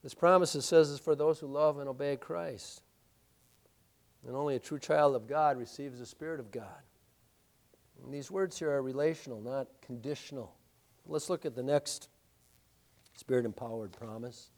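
A middle-aged man preaching a sermon, swinging between loud, emphatic declarations and quiet, hushed storytelling. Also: medium pitch, moderate pace, long pauses. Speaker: pastor.

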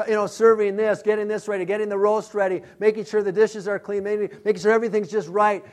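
A male pastor preaching a sermon, calling out names loudly and then dropping to a quiet, intimate hush. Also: sits high.

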